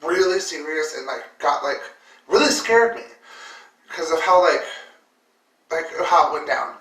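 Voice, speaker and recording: Woman vlogger, rambling and emotional, bright forceful voice, recorded from a distance in an echoey room. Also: sits low, expressive, unhurried. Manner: emotional, full of fillers and repeated words. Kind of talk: personal storytelling. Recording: roomy echo, distant mic.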